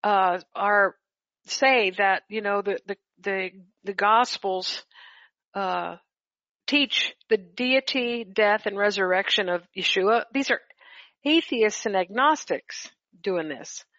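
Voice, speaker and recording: A woman leading a group Bible study over a call, talking haltingly with many restarts. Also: mid-range voice, fairly bright tone, dry recording, highs cut off.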